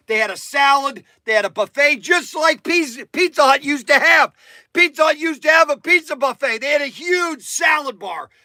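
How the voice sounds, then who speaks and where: A man's voice: very high voice, pushed and bright, no echo. A man in his sixties hosting a stream, telling an indignant story with a raised voice. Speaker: hobby shop owner hosting a stream. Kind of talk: ranting storytelling.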